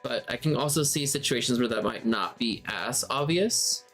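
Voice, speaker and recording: A man explains game mastering in a loose, unscripted way, answering questions as they come and often reworking a sentence halfway through. His voice sits in an ordinary middle pitch, with soft guitar music faintly behind him. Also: normal speed. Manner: conversational, thinks aloud and rephrases mid-sentence. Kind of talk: casual spoken lesson answering questions.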